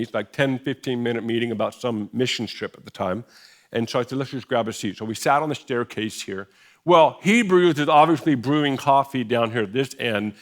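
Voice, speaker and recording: A middle-aged American pastor preaching in a church, telling a personal story in a conversational way with self-deprecating humor. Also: male voice, medium pitch, a bit bright. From United States. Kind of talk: sermon storytelling. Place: church sanctuary.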